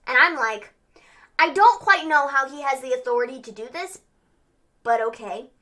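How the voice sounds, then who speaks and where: A young woman co-hosting a casual wrestling review stream, animated and acting out quotes. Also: sits high, moderate pace, long pauses. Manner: animated, acts out quotes in exaggerated voices. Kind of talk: casual recap chat.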